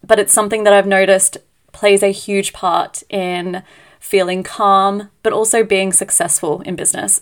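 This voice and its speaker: A woman, hosting her own podcast in a chatty, upbeat, self-mocking way. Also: mid-range voice. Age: 30s. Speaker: podcast host and business coach. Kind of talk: casual solo podcast chat.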